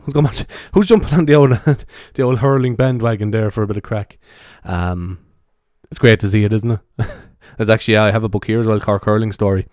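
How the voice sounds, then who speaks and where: Hushed rambling Irish man, low voice. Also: fairly even intonation, fairly quick, no echo, studio quality. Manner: meandering, chatty, swears freely, soft hushed delivery. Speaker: podcaster. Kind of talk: rambling casual monologue, half-whispered ASMR attempt. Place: his bedroom, indoors. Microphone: handheld microphone carried around the room.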